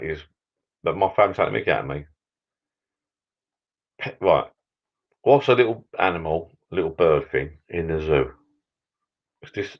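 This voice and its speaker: A man's voice: low voice, highs cut off. A middle-aged man, chatting and rambling jokily on a live stream from his backyard bar. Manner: rambling, jokey, repeats words. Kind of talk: casual live stream chat. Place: backyard garden bar shed.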